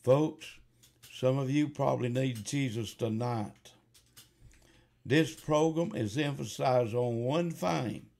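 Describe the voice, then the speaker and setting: A gravelly-voiced man delivers a fiery revival sermon. He speaks slowly and deliberately, then rises to loud, impassioned appeals. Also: medium pitch. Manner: slow, building to shouted fervor. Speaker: preacher.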